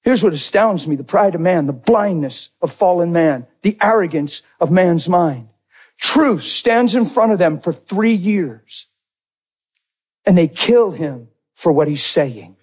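A male preacher with a husky, slightly high voice delivers a sermon. He swings between loud, rising exclamations and quiet, low asides, pushing his points with force. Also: lively intonation, unhurried.

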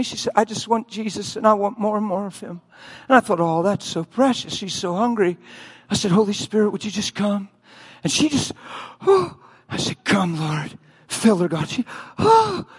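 High-voiced animated male preacher. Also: slightly rough. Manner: animated, acts out voices and screams, laughs often. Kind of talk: sermon storytelling.

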